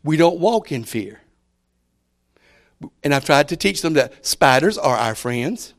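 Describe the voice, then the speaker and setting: A man delivers a folksy sermon in a slightly high voice. He leans on repeated words and lets his volume rise and fall as he preaches. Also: animated, unhurried. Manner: folksy, repeats key words, shifts loud to soft.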